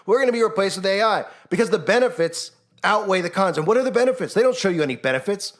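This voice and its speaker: A man's voice: sits high, lively intonation, fast talker. A man giving impassioned, sarcastic commentary and mimicking the people he mocks. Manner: fervent, sarcastic, mimics mocking voices. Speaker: online commentator.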